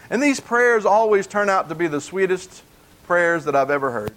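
A man's voice: high voice, lively intonation, normal speed, fairly bright tone, rough recording. A male pastor preaching a conversational sermon in a plain, folksy way, earnestly repeating key points for emphasis.

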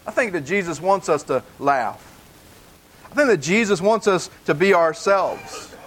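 A man's voice: high-pitched, animated, unhurried, fairly bright tone, slight background noise, low-quality recording. A male pastor preaching a conversational sermon in a plain, folksy way, earnestly repeating key points for emphasis.

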